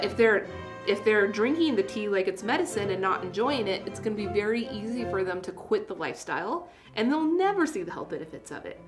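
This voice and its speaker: A woman hosting a casual tea livestream, chatty and self-deprecating, laughing at her own jokes. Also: medium pitch. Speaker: tea seller hosting a live stream. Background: soft classical music.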